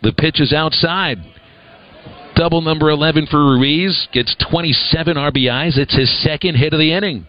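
A man's voice: a little high, lo-fi sound. Man calling baseball play-by-play. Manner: brisk, conversational call with dry humor. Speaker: play-by-play announcer. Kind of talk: live baseball play-by-play commentary.

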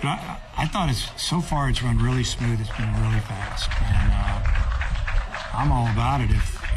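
A college baseball head coach answering questions in a folksy, rambling way, full of fillers and restarts. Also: male voice, medium pitch, steady tone, normal speed, loud music behind the voice. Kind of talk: interview answers.

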